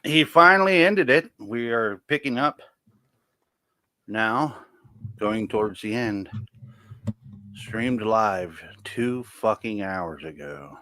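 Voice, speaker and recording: Man, stream co-host, crude jokes, bouncy pitch, dry close mic. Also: dry recording. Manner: crude, joking, animated. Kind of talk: casual reaction commentary.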